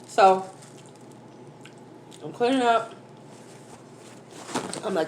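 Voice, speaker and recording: Animated mom telling a story. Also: female voice, medium pitch, takes it slowly, pauses often. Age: adult, mother of a school-age daughter. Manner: animated, exclaiming, addresses viewers as y'all. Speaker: food vlogger. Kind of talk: casual storytelling while eating. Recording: echoey room, faint background noise.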